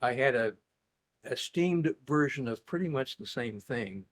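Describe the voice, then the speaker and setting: A man as an interview guest, telling travel stories in a dry, wry way with halting restarts. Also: mid-range voice, lively intonation. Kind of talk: casual conversation.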